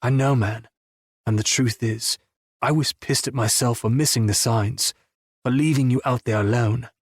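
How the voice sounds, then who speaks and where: A man voicing a remorseful rock musician friend who speaks low and raw. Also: fairly even intonation, normal speed, slightly rough, no echo, studio quality, lightly acted.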